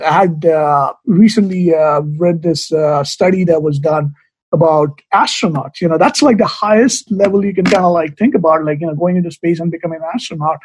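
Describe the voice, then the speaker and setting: A man's voice: fairly high pitch, a little mellow, slightly rough, dry recording. A man hosting an interview podcast, talking loosely with many fillers and asking long questions. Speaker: podcast host. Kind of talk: casual interview.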